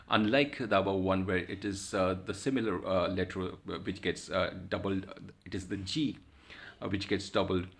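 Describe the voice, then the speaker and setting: Male lecturer, very deep voice, hesitant delivery full of fillers. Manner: halting, many filler sounds. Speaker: university lecturer. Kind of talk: recorded lecture.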